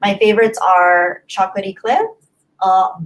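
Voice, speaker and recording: Heard on a rough recording, a young woman hosts a livestream in a mid-range voice at normal speed. Her chat is casual and meandering as she responds to viewer comments, frequently repeating herself.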